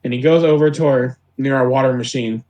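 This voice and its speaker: A young man, a podcast guest, telling retail stories in an animated way, laughing as he goes. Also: medium pitch, fairly quick. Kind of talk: casual podcast storytelling. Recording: echoey room.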